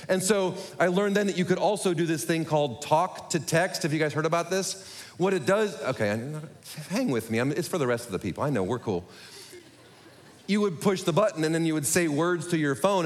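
A man preaching a sermon to his congregation, talking quickly with self-deprecating humor. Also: fairly high pitch, expressive. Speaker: pastor. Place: church sanctuary. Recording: echoey hall.

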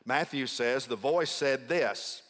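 A middle-aged man preaching a sermon as a pastor. He stresses key words by slowing down and calls on the congregation to answer back. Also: mid-range voice, a bit bright. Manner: emphatic, prompts congregation responses. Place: large church sanctuary. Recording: long hall reverb.

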